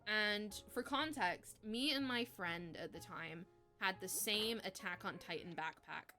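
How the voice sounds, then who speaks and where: A woman in her twenties streaming live, telling a story in casual chat, animated, swearing freely and laughing as she goes. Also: medium pitch, measured pace, soft background music.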